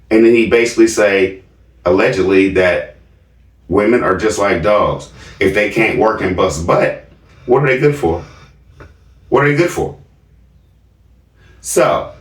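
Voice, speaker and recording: A man's voice: fairly low pitch, fairly bright tone. A male vlog host giving sarcastic, laughing reaction commentary. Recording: echoey room, distant mic.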